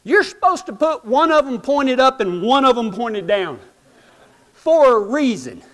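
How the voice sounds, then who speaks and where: A man's voice: very high-pitched, very animated, a little slow, fairly bright tone. A man telling a humorous, self-mocking story in folksy rural speech to a live audience. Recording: long hall reverb.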